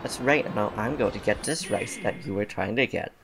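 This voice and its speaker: A man's voice: lowish voice, moderate pace, background noise. A man giving casual, chatty gameplay commentary as host, sassy toward the game and laughing often. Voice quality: gravelly. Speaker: gaming channel host. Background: game music.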